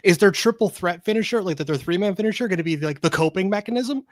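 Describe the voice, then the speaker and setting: A man calling in to a wrestling talk show, ranting loudly in a rambling, exasperated way. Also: high voice, quick pace, no room sound, clean studio sound. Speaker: caller. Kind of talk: excited call-in rant.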